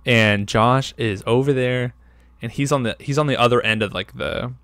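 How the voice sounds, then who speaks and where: A man's voice: mid-range voice, moderate pace, fairly bright tone, no echo, clean studio sound. A young man co-hosting a podcast, telling a story in a loose, rambling way with lots of fillers and swearing. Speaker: podcast co-host. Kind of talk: casual storytelling.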